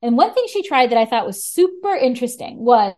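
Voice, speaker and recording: A woman talking as a podcast guest in casual chat, animated, with frequent restarts. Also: on the high side, brisk.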